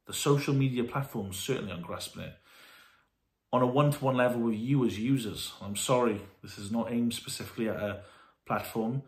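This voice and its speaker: Male vlogger, earnest and halting, speaking from home in a room with audible echo. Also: medium pitch. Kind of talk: candid talk to camera. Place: warm room indoors at home.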